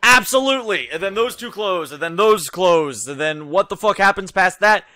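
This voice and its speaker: A man's voice: high-pitched, animated, moderate pace, pushed and bright, no echo, soft background music. Swearing, frustrated young gamer man. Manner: frustrated, swears a lot, muttering to himself. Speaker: gaming YouTuber. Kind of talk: let's play commentary.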